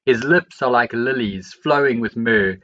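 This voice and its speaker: A man reading the Bible aloud, verse by verse, in a steady and measured way. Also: mid-range voice, dull audio. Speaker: Bible reader.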